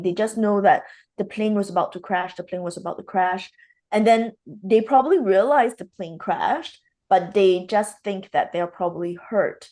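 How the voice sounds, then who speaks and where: This spiritual talk show host has a mid-range voice that's a little mellow. Chatting casually, she recounts experiences and plays out the conversations as she tells them.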